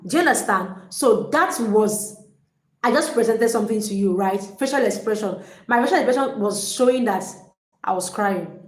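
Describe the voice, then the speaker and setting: A woman's voice: mid-range voice, animated, moderate pace. A woman life coach giving a live coaching talk to single women, speaking emphatically, repeating key phrases and addressing viewers directly. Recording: roomy echo.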